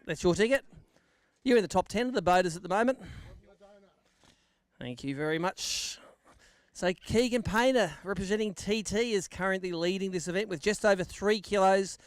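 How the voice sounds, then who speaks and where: A man's voice: sits high, normal speed, long pauses, clear, resonant tone, dry recording. An Australian man acting as MC at an outdoor fishing weigh-in, giving live commentary and bantering with the anglers.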